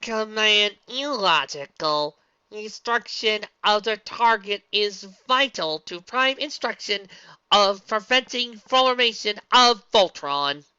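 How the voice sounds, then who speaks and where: A cold, unfeeling machine beast, as a man puts it on in a story reading, speaking slowly in a raised, flat, mechanical voice. The sound is dull and lo-fi. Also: high voice, clean tone, no room sound, voice pushed up, heavily acted. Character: cold, calm male machine monster. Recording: dull lo-fi recording.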